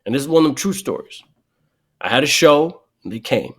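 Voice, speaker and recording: On a podcast, a comedian from New York tells stories with energy, playing out each person he quotes. He speaks briskly in a mid-range voice with a breathy edge.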